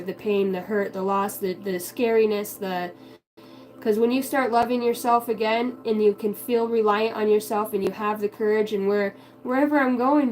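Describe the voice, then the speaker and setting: A woman's voice: mid-range voice, a little mellow, rough recording. Woman, spiritual vlogger, unfiltered and heartfelt, cusses casually, mid-range voice. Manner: candid and heartfelt, swears freely; acts out quoted voices in her stories.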